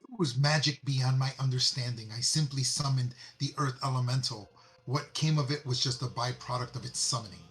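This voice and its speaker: A man voicing a proud, grieving male dwarven druid who speaks slowly and solemnly in a tabletop game. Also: medium pitch, fairly bright tone, natural voice. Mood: dismissive.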